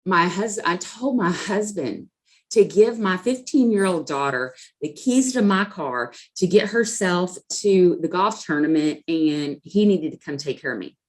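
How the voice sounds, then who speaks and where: A woman's voice: fairly low pitch, animated, a little slow. A middle-aged woman telling her personal recovery story as a podcast guest, earnest and emotional, with many fillers.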